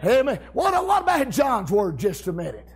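A man preaching a revival sermon, hollering amens and shouting with exuberant celebration. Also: extremely high pitch, wildly swooping pitch, normal speed, breathy edge.

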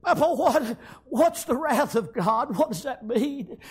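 A man's voice: very high voice, lively intonation, unhurried, slightly rough, pitched above the performer's own voice, full character voice. A man voicing a little boy who pleads with his grandfather and asks question after question. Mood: pleading.

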